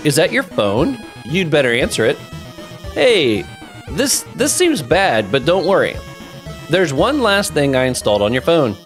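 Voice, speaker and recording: A man's voice: fairly high pitch, very animated, measured pace, faint music behind. A man voicing a female lizard scientist from a video game, brash and defiant.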